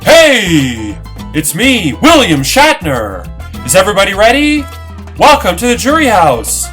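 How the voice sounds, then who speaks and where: A man doing a hammy, booming old showman. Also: wildly swooping pitch, unhurried, a bit bright, soft background music, full character voice. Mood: exuberant. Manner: hammy, declamatory. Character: booming older male celebrity host.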